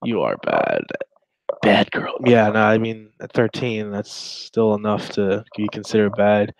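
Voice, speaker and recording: A man's voice: lowish voice, animated, unhurried, gravelly, no echo, poor audio. A man co-hosting a casual podcast, rambling and crude as he reacts to chat logs, often trailing off and restarting. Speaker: podcast co-host.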